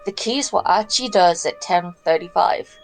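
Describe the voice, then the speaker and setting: A woman co-hosting a let's play, reading game text and chatting in a relaxed, easygoing way. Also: lowish voice, soft background music, poor audio. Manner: relaxed, chatty, quick to laugh. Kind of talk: casual game commentary and reading.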